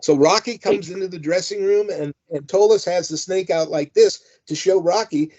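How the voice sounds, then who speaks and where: An older man tells amused, rambling stories in a somewhat high voice, full of "uh" and "you know." He has the easy manner of a guest reminiscing. The audio is dull and lo-fi. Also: moderate pace, mellow. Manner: rambling, amused, many fillers. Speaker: guest, former wrestling manager. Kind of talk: anecdotal storytelling.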